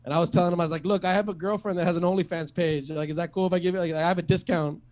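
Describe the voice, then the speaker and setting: High-voiced man rambling through stand-up. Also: fairly even intonation, racing, darkish tone. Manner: rambling, profane, lots of "like" and restarts. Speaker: stand-up comic. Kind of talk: stand-up set at an online open mic.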